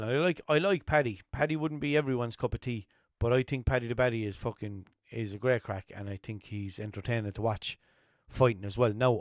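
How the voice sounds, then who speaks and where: A young man from Limerick with an Irish accent, hosting a podcast as a rambling, swearing casual storyteller who keeps jumping into animated quotes. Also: medium pitch, no room sound, studio quality. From Limerick, Ireland. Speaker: podcast host.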